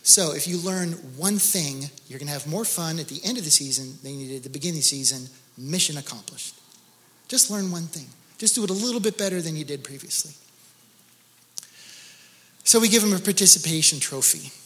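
A middle-aged male pastor preaching a sermon with animated, joking storytelling. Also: a little high, fairly quick. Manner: animated storytelling with laughs and exclamations.

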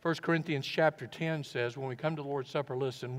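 A male pastor delivering a sermon in a middle-pitched, earnest voice. He muses aloud and often lowers his voice to a near hush. The recording trails off into the long reverb of a large hall. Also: steady tone, a little fast, hardly any pauses.

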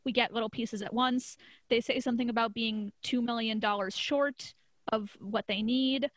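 A young woman talks through a TV episode in casual podcast chat, leaning on "like" and breaking into laughs. Her voice sits a little high. The sound is dry and close, with no room echo. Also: fairly even intonation, moderate pace. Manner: chatty, many "like" fillers, laughs often. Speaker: podcast co-host.

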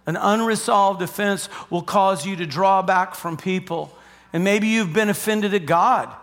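A man's voice: sits high, unhurried, a bit bright. A male pastor preaching a sermon in a large church, telling the story animatedly and acting out the quotes. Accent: American. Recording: live church hall with long reverb.

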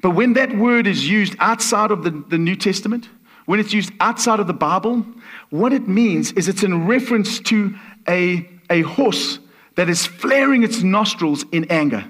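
A man's voice: sits high, expressive, moderate pace, fairly bright tone. A man preaching a sermon as a guest speaker, telling a story and acting out the voices in the quotes. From Portuguese.

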